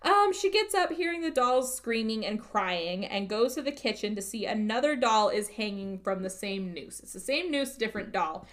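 A woman's voice: a little high, lively intonation, normal speed, hardly any pauses, fairly bright tone. A woman co-hosting a podcast, casually retelling a film's plot with lots of "like" and frequent swearing. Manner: swears freely, rambling retelling with many fillers. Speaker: podcast co-host. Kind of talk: casual movie recap.

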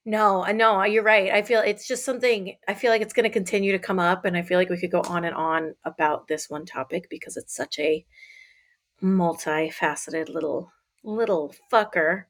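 A young adult woman co-hosting a podcast, talking in a candid, emphatic way and swearing casually in relaxed chat. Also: lowish voice, normal speed. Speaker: podcast co-host.

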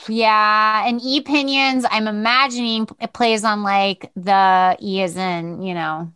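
A woman's voice: medium pitch, fairly even intonation, measured pace, pushed and bright, smooth, no room sound. A woman co-hosting a podcast in casual chat, giggly and chatty with frequent laughter. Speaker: podcast co-host.

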